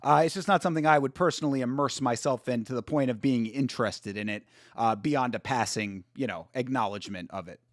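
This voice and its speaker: In clean studio audio with no room sound, a man hosting a casual live stream speaks briskly in a mid-range voice, hardly pausing. He chats with viewers, laughing often and repeatedly apologizing for it.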